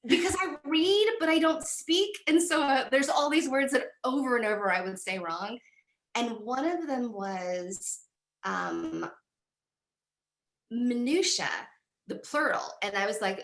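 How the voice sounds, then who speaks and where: A woman's voice: fairly high pitch, a little slow, echoey room. A woman author chatting casually about her book on a video call, rambling and self-deprecating, often restarting her sentences.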